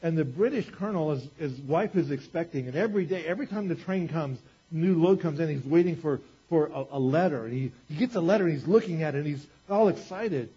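A man gives a sermon from the pulpit in a higher-than-usual, mellow voice with a husky edge. He keeps it conversational, throwing questions and little jokes at the congregation. The church recording sounds dull and lo-fi. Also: expressive, brisk, hardly any pauses. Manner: conversational, full of "you know" asides. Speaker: pastor.

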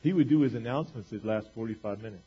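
Husky-voiced pastor guy preaching, goes soft then loud, kinda dull lo-fi sound. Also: fast talker. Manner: dynamic preaching, swings from quiet to booming. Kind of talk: sermon.

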